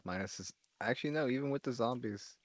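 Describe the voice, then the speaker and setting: A man's voice: medium pitch, fast. A man streaming a game, making laid-back, dry remarks in casual commentary.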